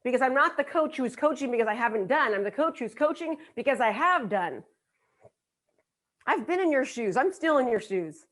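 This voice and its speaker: A woman's voice: high-pitched, a bit bright. Emphatic woman coaching a seminar crowd. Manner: emphatic, repeats key lines for effect. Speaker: business coach. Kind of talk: motivational seminar talk. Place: live event.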